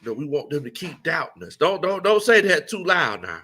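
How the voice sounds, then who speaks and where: A man's voice: fairly high pitch, sing-song, moderate pace, bright, forceful tone. A man hosting a casual sports talk stream, laughing often and greeting viewers by name. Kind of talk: casual live-stream chat.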